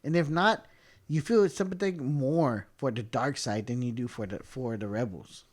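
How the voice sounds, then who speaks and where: A man in his thirties co-hosting a casual podcast, excitable and laughing often, repeating words and swearing as he tells stories. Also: mid-range voice, normal speed. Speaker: podcast co-host. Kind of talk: casual chat.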